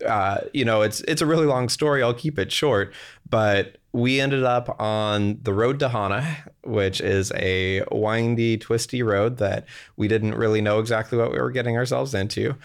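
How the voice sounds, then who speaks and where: The young executive's voice is fairly low in pitch and smooth. As an interview guest, he rambles through a casual story, filling it with hesitations and laughs.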